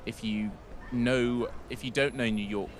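A man's voice: medium pitch, steady tone, a little slow, slight background noise. An English man hosting a casual history podcast, rambling and correcting himself as he goes. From England. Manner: rambling, self-correcting, chatty. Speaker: podcast host.

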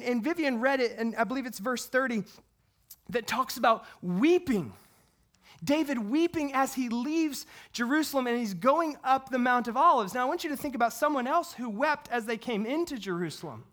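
A man who is a pastor, preaching a sermon in an earnest way and talking straight to his congregation, swinging from hushed to loud and fervent. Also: extremely high pitch, lively intonation, normal speed. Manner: talks to the congregation directly, asks questions.

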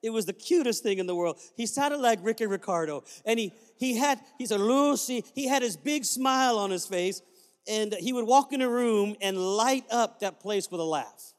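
A man's voice: high-pitched, expressive, moderate pace. A man preaching a sermon as pastor, telling family stories with sudden joyful whoops. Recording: long reverb of a large hall.

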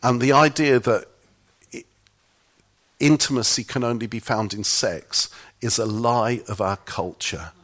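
A man's voice: on the low side, a bit bright. A middle-aged man giving a sermon-style talk, telling humorous, self-mocking anecdotes. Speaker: church speaker.

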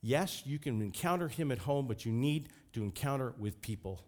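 A man's voice: mid-range voice, expressive, normal speed, darkish tone. A man preaching a sermon as pastor, fervent and emphatic.

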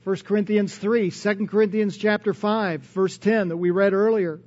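A pastor with a notably high voice preaches earnestly and conversationally, stacking up rhetorical questions. The recording is dull and lo-fi. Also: male voice, steady tone, normal speed, darkish tone. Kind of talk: sermon.

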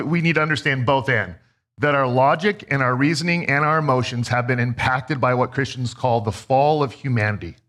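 A pastor in his thirties delivers a sermon, telling stories in a conversational, self-deprecating way. His pitch swings lively as he talks.

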